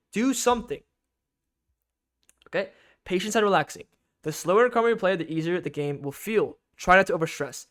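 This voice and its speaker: A man's voice: sits high, a bit bright. A man giving an instructional game guide as a coach, emphatic and repetitive, often checking in with "okay?".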